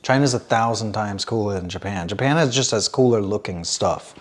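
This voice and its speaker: A man's voice: lowish voice, a little fast. A man co-hosting a comedy podcast, rambling and swearing as he chats casually. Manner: rambling, animated, swears often. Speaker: podcast co-host.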